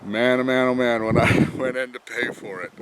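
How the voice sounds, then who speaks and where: Outdoors beside his truck, a vlogger reviewing a truck job rambles casually in a mid-range, steady voice at normal speed against a noisy background. He chuckles and talks to himself as he works, out of breath from bending over.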